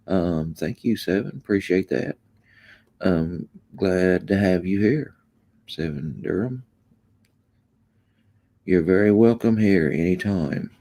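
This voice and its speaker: Low, mellow-voiced man chatting on a livestream. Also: slow, vocal fry, long pauses. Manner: laid-back, drawling, trailing off with ums. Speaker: livestream host. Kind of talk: casual livestream chat reading comments.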